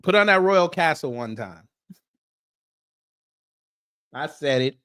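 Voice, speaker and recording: A man runs a casual commentary stream. He reads through a list and jokes with his audience as he talks. His voice sits a little higher than most men's. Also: lively intonation, slow pace, sharp tone, clear, resonant tone. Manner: joking, talks straight to his viewers.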